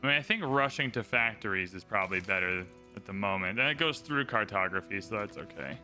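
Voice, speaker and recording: A man's voice: lowish voice, lively intonation, brisk, sharp tone, soft background music. A man giving casual, upbeat livestream commentary while playing a strategy game, thinking aloud and chatting to his viewers.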